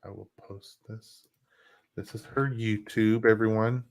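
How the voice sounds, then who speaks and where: A man's voice: lowish voice, fairly even intonation, a little slow. A man hosting a podcast livestream, chatting casually with an upbeat, rambling, enthusiastic manner. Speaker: podcast host.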